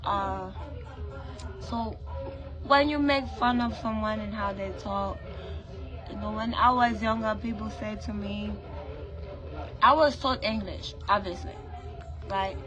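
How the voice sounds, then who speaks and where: In a medium-pitched voice, she talks slowly and pauses often. She's a Brooklyn, New York vlogger with a Trinidadian-influenced accent, bluntly ranting to camera with swearing and emphatic rhetorical questions.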